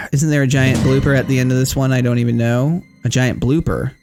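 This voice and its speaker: A man giving live gameplay commentary as a streamer. He is excitable, swears, and talks straight to his chat. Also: medium pitch, brisk, background noise. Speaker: game streamer. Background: game music.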